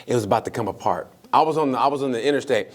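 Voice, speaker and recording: A man's voice: medium pitch, very fast. A man hosting a podcast, telling profane stories in casual chat with lots of energy. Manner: animated, profane storytelling. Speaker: podcast host and comedian.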